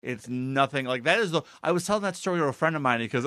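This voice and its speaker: A man's voice: mid-range voice, lively intonation, quick pace, sharp tone, dry recording, clean studio sound. A man telling a funny personal story in a casual podcast chat, acting out his own quotes.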